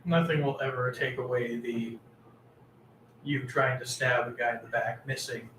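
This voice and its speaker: A man's voice: mid-range voice, fairly even intonation, normal speed, recorded from a distance, noisy background. A young man co-hosting a casual podcast and bantering playfully and jokingly. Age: young adult. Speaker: podcast co-host. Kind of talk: casual chat. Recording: echoey room with faint ambience.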